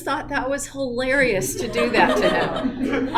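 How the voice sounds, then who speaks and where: Middle-aged woman instructor, unhurried, laughs often, anecdotal. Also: sits high, a loud crowd. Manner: chatty, laughs often, lively storytelling. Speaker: physiology instructor. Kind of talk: lecture with personal anecdotes.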